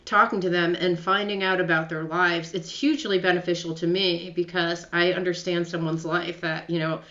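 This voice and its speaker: A woman's voice: lowish voice, fairly even intonation, normal speed, a bit bright. A woman hosting an interview, chatty and full of fillers. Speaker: interview host. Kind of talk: casual interview. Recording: roomy and dull, lo-fi.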